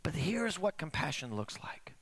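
Man, pastor preaching, high voice, sharp bright tone, dry close sound. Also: breathy edge, no room sound. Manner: animated preaching, drops to quiet asides, slows for emphasis; asks the congregation "Amen?". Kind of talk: sermon.

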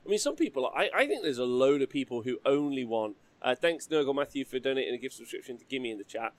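A man hosting a casual hobby livestream, chatty and quick to laugh as he reads out donations. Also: mid-range voice, lively intonation. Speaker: livestream host.

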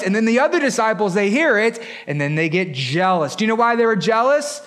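High-voiced pastor preaching a sermon. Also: male voice, very animated, fairly quick. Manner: builds from quiet to shouted emphasis.

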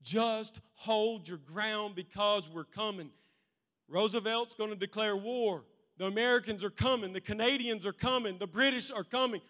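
A preacher doing a slow, emphatic wartime leader. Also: male voice, high voice, pushed and bright. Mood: rallying. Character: a resolute wartime leader rallying an ally. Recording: long reverb in a large hall.

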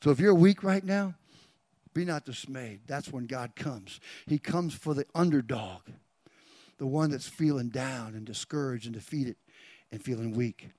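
In an unhurried mid-range voice, a male pastor preaches right at his congregation, calling out names. He drops to hushed whispers and then builds to loud climaxes, and there's no echo on the recording.

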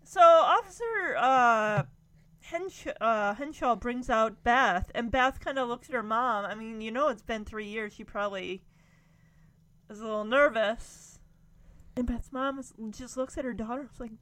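A woman gives a casual, rambling reaction review of a TV episode, her voice sitting a little high. She gushes and gets choked up as she talks. She talks in an easy, chatty way. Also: unhurried, a bit bright, no room sound. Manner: gushing, emotional, rambling. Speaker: show reviewer.

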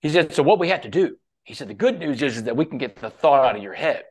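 A man's voice: medium pitch, expressive, quick pace, husky. A man guesting on a podcast, telling a long story in a casual, conversational way, often quoting others and dropping "man" into his sentences.

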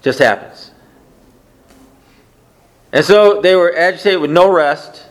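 A man's voice: on the high side, slow pace. A man preaching a conversational sermon, often asking the congregation questions. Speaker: pastor.

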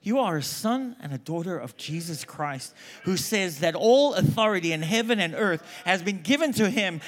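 Animated South African preacher man. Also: high voice, moderate pace, hardly any pauses. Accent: South African, mixed with American. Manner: emphatic, rising and falling between loud calls and quiet asides. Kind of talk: sermon.

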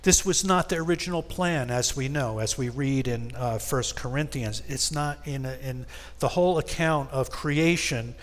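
A man's voice: medium pitch, normal speed, few pauses. A man leading a Bible study, reading scripture aloud and explaining it with casual asides. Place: church. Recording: long reverb in a church hall.

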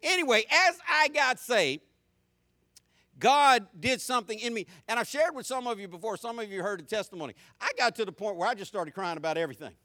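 Brief: middle-aged male pastor, storytelling sermon, voice sits high and bright, swings from loud asides to soft reflection. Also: fairly quick. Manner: storytelling preacher, shifting between loud animated asides and soft, low reflection.

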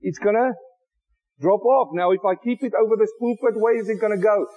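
A male preacher with a notably high voice delivers a fervent sermon from a church pulpit. He pounds out rhetorical questions, rises into loud exclamations, then drops to low, confiding asides. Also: fairly quick, rough recording.

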